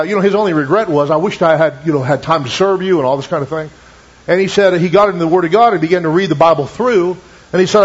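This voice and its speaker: A man preaching a sermon, retelling a testimony with many asides and quoting it in slow, lowered tones. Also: husky. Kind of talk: sermon storytelling. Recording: dull lo-fi recording.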